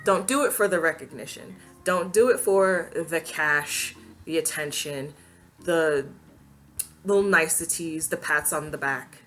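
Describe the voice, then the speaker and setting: Bright-voiced woman telling a story. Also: sits low, unhurried, soft background music. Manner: expressive, laughs often, acts out quotes. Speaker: vlogger and channel host. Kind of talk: casual personal storytelling to camera.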